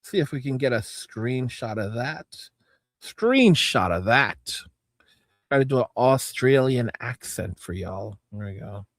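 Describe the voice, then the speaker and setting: A man hosting a casual livestream, reading chat comments and reacting, cursing and repeating himself, with frequent throat clearing. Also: mid-range voice, expressive, a little slow, dry recording, clean studio sound.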